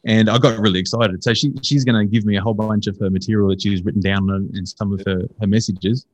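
An earnest Australian man tells a story about his own life in a relaxed conversational way, excitable and animated as he goes. His voice sits fairly low, and the sound is dry and close with little room echo. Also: quick pace. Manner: earnest, excitable, jumps into high voices for quotes. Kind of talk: casual storytelling.

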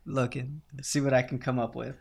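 A man's voice: medium pitch, little pitch movement, moderate pace, vocal fry, a little mellow. A man co-hosting a podcast, talking enthusiastically about movies and actors, swearing casually and often restarting his sentences. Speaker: podcast co-host.

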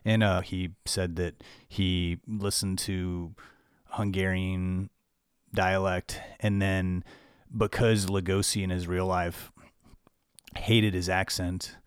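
A young adult man hosting a casual film discussion, speaking in a measured way with many fillers. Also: low-pitched, level tone, clear, resonant tone, no echo, studio quality. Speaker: podcast host.

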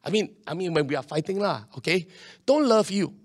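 High-voiced pastor preaching. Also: male voice, brisk. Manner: animated, acts out quoted voices, swings between loud and quiet. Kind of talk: sermon.

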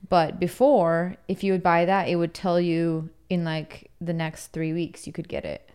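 Woman, podcast co-host, easygoing chat, smooth voice, lowish pitch. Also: level tone, measured pace, darkish tone. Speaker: podcast co-host, furniture buyer for clients. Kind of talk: casual chat. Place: office podcast setup.

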